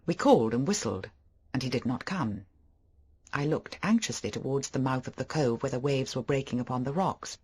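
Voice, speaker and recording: Expressive, husky audiobook narrator. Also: mid-range voice, normal speed. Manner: expressive storytelling delivery. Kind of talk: scripted first-person narration.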